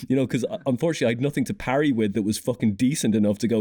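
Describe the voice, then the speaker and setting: A man's voice: mid-range voice, rapid-fire. A man hosting a podcast, chatting casually, swearing often and laughing as he tells stories. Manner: sweary, animated storytelling with laughter. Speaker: podcast host. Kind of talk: casual chat.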